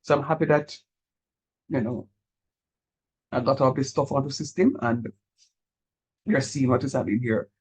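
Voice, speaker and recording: A man teaching a calculus class, encouraging his students and repeating key steps slowly so they follow. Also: medium pitch, husky, low-quality recording. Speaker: calculus lecturer. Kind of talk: online math lecture.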